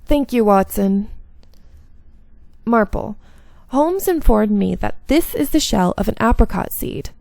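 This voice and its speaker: Gravelly woman reading a visual novel. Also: on the high side, expressive, unhurried, long pauses, mellow, no echo. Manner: reads narration with small slips and asides. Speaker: game streamer.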